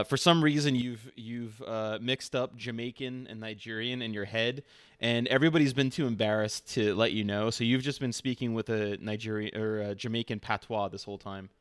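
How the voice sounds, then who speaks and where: A man streaming and acting as game master, narrating casually with halting, amused delivery and frequent fillers. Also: mid-range voice, fairly bright tone, clear, resonant tone.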